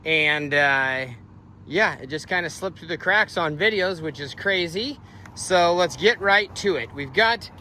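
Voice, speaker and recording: A man with a high, bright voice gives a loose, rambling walkaround of a truck he is selling outdoors. He talks casually, stumbling over fillers as he goes. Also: a little hiss or hum. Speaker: vehicle seller. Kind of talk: casual walkaround sales video.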